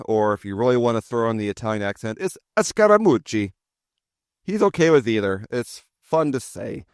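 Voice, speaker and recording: Brief: male podcast host, 40s, low-pitched, dry close sound, playful storyteller. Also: clean tone, dry recording. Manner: jokey, self-deprecating, chatty. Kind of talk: casual storytelling chat.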